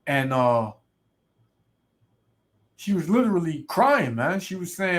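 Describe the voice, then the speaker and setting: Ranting preacher man, slightly high voice. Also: big pitch swings. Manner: preachy, repeats "man" and "right"; reads scripture slowly and loudly. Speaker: street preacher. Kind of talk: ranting sermon video.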